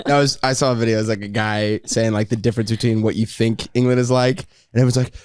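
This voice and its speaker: A man's voice: medium pitch, fairly even intonation, quick pace, darkish tone, clear, resonant tone, no echo, studio quality. A man in casual podcast chat who slips into mock accents for impressions. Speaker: podcast co-host.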